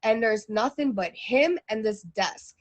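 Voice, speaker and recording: A woman's voice: on the high side, animated, unhurried. A woman telling a personal travel story in a casual, chatty way, full of fillers and restarts.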